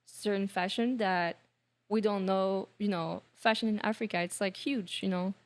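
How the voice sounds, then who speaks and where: A woman with a French accent speaks as a podcast guest, relaxed and thoughtful. She uses plenty of casual fillers, and her voice sits at an ordinary middle pitch. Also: moderate pace. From France. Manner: relaxed, reflective, many fillers. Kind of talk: casual interview chat.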